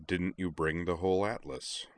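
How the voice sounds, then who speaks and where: A dry, level-headed driver, voiced by a male narrator who asks his questions flat and deadpan. The voice sits very low and slow in a close, dry recording. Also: smooth, no room sound, exaggerated voice.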